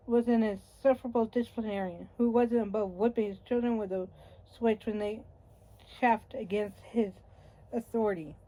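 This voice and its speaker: A woman reads a history book aloud in a wry, conversational way and sometimes trips over a word and starts again. Her voice is mellow and warm, and it sits a little on the high side. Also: poor audio. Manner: wry, conversational reading with occasional slips and restarts. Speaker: audiobook reader. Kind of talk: reading a nonfiction book aloud.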